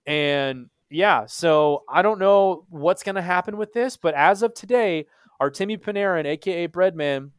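A young man from Texas, hosting a casual hockey podcast, animated and swearing freely. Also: high voice, moderate pace, smooth, no room sound. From Texas, USA. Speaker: podcast host.

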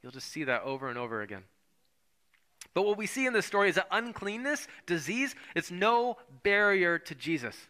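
A man preaching with a bright, fairly high voice. He talks in a conversational way and slips into the voices of the people in the story as he retells it. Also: sing-song, normal speed. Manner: conversational, acts out voices of the Bible figures. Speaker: pastor. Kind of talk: sermon.

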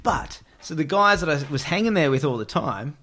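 A man's voice: a little high, expressive, moderate pace, a bit bright. An Australian man telling rambling, slangy stories as a guest in a casual chat. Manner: laid-back, slangy, rambling. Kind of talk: casual storytelling.

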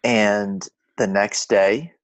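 A man co-hosting a podcast, chatting casually and telling rambling stories with halting restarts. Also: fairly low pitch, steady tone, no echo. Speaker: podcast co-host. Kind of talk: casual chat.

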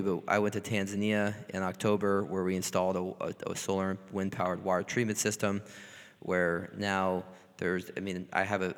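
A man hosting an interview, speaking in a halting way and often repeating words as he responds to his guest. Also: low voice, in a large hall. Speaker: interview host. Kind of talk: conversational interview.

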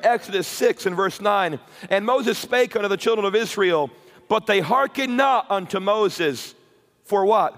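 A man preaching a sermon with passion, rising to shouted peaks and repeating words. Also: high voice, animated, a little slow, in a large hall. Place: church or camp meeting hall.

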